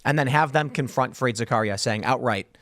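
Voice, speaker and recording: A man's voice: medium pitch, a little fast, a bit bright, dry recording. An earnest man holds forth as a talk show host, building his points in long stretches and restarting his sentences as he goes. His voice sits in an ordinary middle range and comes through dry and close on a studio mic. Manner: earnest, lecturing, many restarts. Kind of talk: political talk show discussion.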